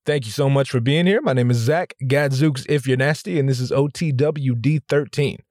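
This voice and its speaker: A man's voice: medium pitch, normal speed, darkish tone, no room sound. A very tired man hosting a podcast, talking casually with swearing, restarts and rambling asides, recorded in a studio on a microphone. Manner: profane, rambling, many restarts. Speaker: podcast host.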